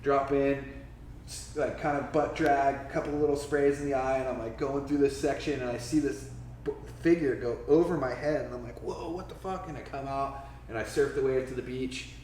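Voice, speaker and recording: In a relaxed storytelling interview, a podcast guest in his forties from Florida, USA swears freely and puts on a raised voice for quoted lines. His mid-range voice has a darkish tone and fairly even intonation, delivered at normal speed. Faint background noise, a slightly distant mic and an echoey room color the recording.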